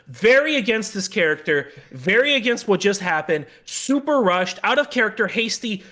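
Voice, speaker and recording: A man co-hosting a podcast in casual chat, ranting with heat and swearing, his loudness and speed swinging as he talks. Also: high voice, lively intonation, a little fast. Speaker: podcast co-host. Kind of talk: casual comic review chat.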